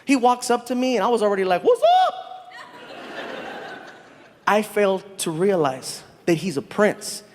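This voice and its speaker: A man in his thirties from the United States, telling a story on a theater stage, animated and shouting as he acts out characters. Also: high voice, brisk, hardly any pauses. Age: 30s. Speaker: stand-up comedian. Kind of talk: stand-up comedy storytelling. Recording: live comedy venue with long reverb and faint noise.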